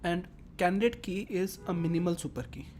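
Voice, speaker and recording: A woman's voice: fairly low pitch, fairly quick, darkish tone, slight background noise. A woman teaching a lecture, explaining step by step and repeating her phrases as she works through examples. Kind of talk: classroom lecture.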